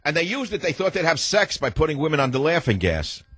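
An older man hosts a talk radio show with a rambling, sardonic delivery, his pitch swinging up and down as he acts out little voices in his head. The voice is husky and dry, with no room around it. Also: big pitch swings, quick pace, a bit bright, dry recording. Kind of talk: talk radio monologue and calls.

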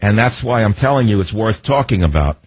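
A man's voice: fairly low pitch, animated, fairly quick, breathy edge, dry recording. A man hosting a talk radio show, delivering a combative monologue full of rhetorical questions into a studio microphone.

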